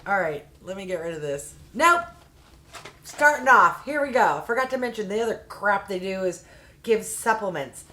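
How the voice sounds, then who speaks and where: A woman's voice: medium pitch, lively intonation, normal speed, bright, forceful tone, a little hiss or hum. Exasperated woman ranting in a casual vlog. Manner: chatty, uses fillers like "like" and "um". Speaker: beauty box reviewer.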